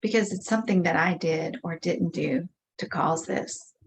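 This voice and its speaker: A woman leading a tapping session, speaking slow repeated affirmations about her frustration. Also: lowish voice, vocal fry. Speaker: EFT tapping practitioner. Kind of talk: guided tapping script, slow repeated phrases.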